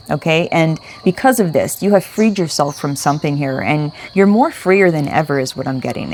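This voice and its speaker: Young woman, casual spiritual card reader, low-ish voice, chatty and loose-mouthed, outdoor hiss. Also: a little mellow. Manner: chatty, swears, talks to her dog in between.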